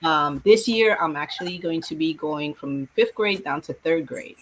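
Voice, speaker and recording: A woman's voice: sits low, poor audio. A middle-aged woman, a schoolteacher, chatting casually and acting out classroom scenes as she tells them. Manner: animated storyteller, acts out classroom scenes with quick voices. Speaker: guest, schoolteacher. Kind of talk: casual video chat.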